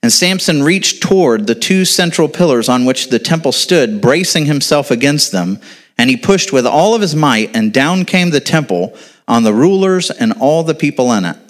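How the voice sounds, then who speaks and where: Here a man with an expressive, somewhat high voice preaches at a normal speed. It's a casual sermon to a congregation in which he quizzes people, then responds to his own questions, sprinkling in informal asides.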